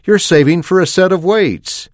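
A man's voice: sits high, normal speed, dry recording, studio quality, pitched above the performer's own voice, lightly acted. A man voicing a tearful proud teen girl. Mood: upset. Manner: strained, near tears.

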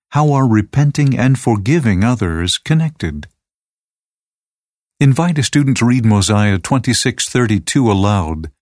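A man reading aloud a teacher's lesson manual in a measured, even, scripted way. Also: fairly low pitch, no echo, studio quality.

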